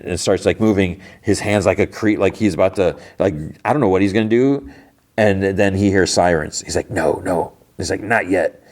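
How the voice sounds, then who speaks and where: A man's voice: sits low, a little mellow. A man hosting a podcast, casually retelling a TV episode scene by scene in a rambling way, full of "like" and "you know". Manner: rambling, filler-heavy retelling with quick asides. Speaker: podcast host.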